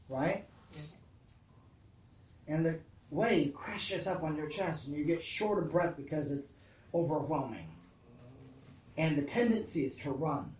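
A preacher delivering a conversational sermon, often asking the congregation "right?" and "Amen?", moving between hushed and forceful passages. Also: medium pitch, expressive, measured pace, long pauses. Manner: swings from hushed, intimate passages to loud, emphatic ones. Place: church or large hall. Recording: roomy echo, picked up from a distance.

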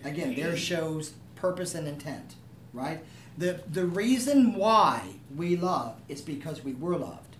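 A man's voice: on the high side, expressive, slow, slight background noise. A man preaching a sermon, talking conversationally and asking the room to agree with him. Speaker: pastor. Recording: echoey room, voice from a distance.

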